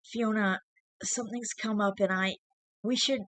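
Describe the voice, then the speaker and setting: A reader voicing a sick young man who quietly apologizes while breaking up with his girlfriend. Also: mid-range voice, fairly even intonation, measured pace, no room sound, pitched above the performer's own voice, close to an everyday voice. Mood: guilty, strained. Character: sick, guilt-ridden young man ending a relationship.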